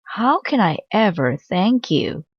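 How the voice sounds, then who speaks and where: A woman's voice: mid-range voice, very animated, slow pace, slightly rough, no room sound, exaggerated voice. A woman voicing a doting older lady in a storybook read-aloud. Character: fussy older lady dog owner, doting. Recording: slightly dull dry recording.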